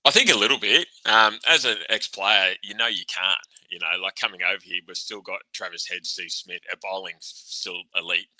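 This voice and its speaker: A man's voice: deep voice, normal speed, hardly any pauses, pushed and bright, no room sound, rough recording. An Australian man and former player co-hosting a casual sports podcast, blunt and sweary, laughing often. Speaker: podcast co-host, ex-cricketer.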